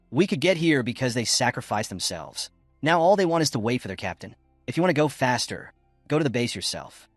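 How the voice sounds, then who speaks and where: Male narrator voicing a feisty elderly woman, scolding and fearless, lively delivery. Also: mid-range voice, dry recording. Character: feisty old woman refugee, blunt and fearless.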